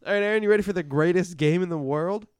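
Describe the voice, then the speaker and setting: A man co-hosting a casual podcast chat, playful and quick to laugh, sometimes putting himself down. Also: high voice, clean tone, no echo, studio quality. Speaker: podcast co-host.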